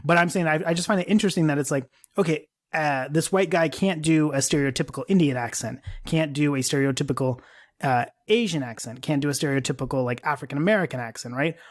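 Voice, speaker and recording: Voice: mid-range voice, fast talker. A podcast cohost in casual chat, musing and arguing a point while thinking aloud. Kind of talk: casual pop-culture chat.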